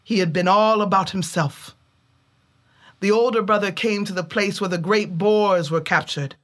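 A woman telling a folk tale in a measured way, with dramatic pauses. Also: medium pitch. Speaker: storyteller. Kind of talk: oral storytelling.

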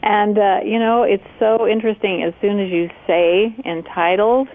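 A woman's voice: medium pitch, steady tone, normal speed. A woman co-hosting a radio talk show, chatting with enthusiasm and easy laughter. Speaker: radio co-host. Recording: phone-like lo-fi radio audio.

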